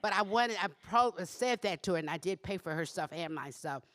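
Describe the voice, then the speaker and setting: A woman's voice: on the low side, animated, a little fast, a bit bright. A woman on a discussion panel, speaking emphatically and telling anecdotes to the audience.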